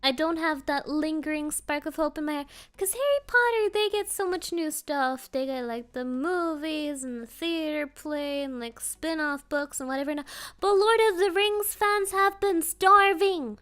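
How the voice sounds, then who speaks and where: A woman's voice: sits high, normal speed, hardly any pauses. A woman streamer chatting casually with her viewers, playful and rambling, often laughing.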